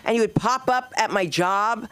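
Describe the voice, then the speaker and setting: Through a handheld mic on a club stage, a middle-aged woman hosts a comedy open mic in a fairly high, fairly bright, clean voice at normal speed. Her stand-up is loose and digressive, wandering between anecdotes while she performs the people she quotes.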